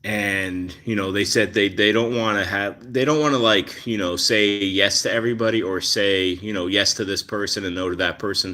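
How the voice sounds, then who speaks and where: Answering viewer comments on his cat channel's live stream, this host talks about his rescue cats in a rambling, filler-heavy, relaxed way. His voice is lowish with a sharp edge.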